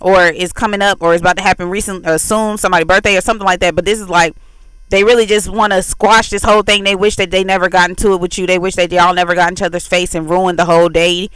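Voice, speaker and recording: A woman giving casual commentary on song lyrics, her voice bright and clean and set against a dry, close sound. She talks loosely with lots of fillers and slips into playful voices for the lines she quotes. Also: lowish voice, fast talker, clear, resonant tone, no echo, rough recording. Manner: animated, acts out quoted lines in exaggerated voices; loose, repetitive "like" filled delivery. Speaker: faith channel host.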